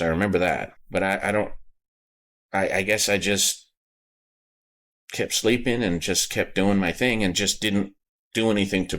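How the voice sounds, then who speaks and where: A man hosting a podcast, telling a personal story in a halting way, repeating words and getting choked up. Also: sits low, a bit bright. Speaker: podcast host.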